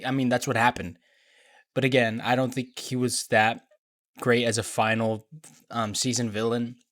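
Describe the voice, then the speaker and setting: A man's voice: mid-range voice, level tone, normal speed, fairly bright tone, no room sound, clean studio sound. Rambling young man with a sleepy voice. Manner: rambling, loose with fillers and swearing. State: just woke up. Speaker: video reviewer. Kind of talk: casual review vlog.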